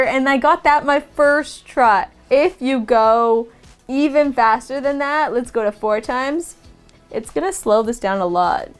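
A woman's voice: high-pitched, unhurried, clear, resonant tone, soft background music. A young woman who teaches video production, explaining a phone app step by step in a casual, upbeat tutorial.

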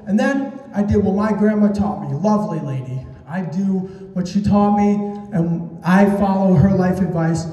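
A young man telling self-mocking stand-up stories in an animated way. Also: high-pitched, normal speed. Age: young adult. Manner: animated, self-mocking, acts out quoted voices. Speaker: stand-up comedian. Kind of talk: stand-up storytelling. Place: stage in a hall. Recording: echoey hall, voice from far off.

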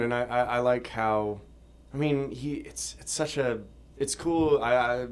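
A man being interviewed as a voice actor, talking fast and excitedly, laughing often and acting out quotes. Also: on the low side. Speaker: voice actor guest. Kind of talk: casual interview chat. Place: convention room.

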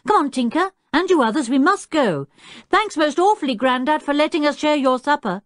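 Woman playing a stern, take-charge teenage boy, brisk and scolding. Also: sits high, lively intonation, dry recording, studio quality, pitched above the performer's own voice. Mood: hurried. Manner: brisk and commanding, firm scolding. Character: bossy, responsible older teen boy, stern.

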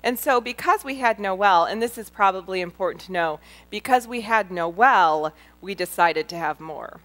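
A woman's voice: mid-range voice, animated, moderate pace, fairly bright tone. A middle-aged woman giving a personal testimony talk to a live audience, earnest and heartfelt, speaking directly to her listeners as a Christian speaker.

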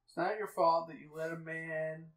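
A man's voice: a little high, flat delivery, moderate pace, a bit bright, echoey room. A man co-hosting a riff track, trading wry jokes over a movie. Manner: wry, laughing banter. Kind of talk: casual joking movie commentary.

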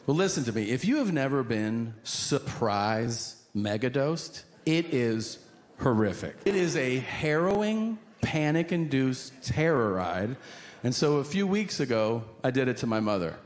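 A middle-aged man telling a stand-up story with an animated, exasperated delivery. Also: medium pitch, measured pace. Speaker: stand-up comedian. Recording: noisy live comedy club.

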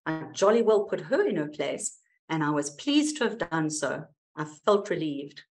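A prim, snobbish elderly village woman, haughty and indignant, her voice swooping up and down with lively pitch, as a speaker reading her paper puts her on. She talks down to others with clipped propriety. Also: moderate pace. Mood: smug. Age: older.

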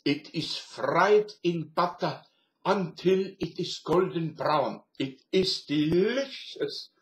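Fake German deli man, by an older man, slow, overemphatic, echoey webcam room. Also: on the high side, animated. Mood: mock-formal. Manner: mock-formal, slow, overemphatic.

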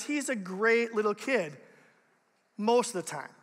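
Young male youth pastor, conversational and lively, high-pitched, recorded in a reverberant auditorium. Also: slow. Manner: casual, animated, conversational preaching. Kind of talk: youth sermon. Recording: long reverb of a large hall.

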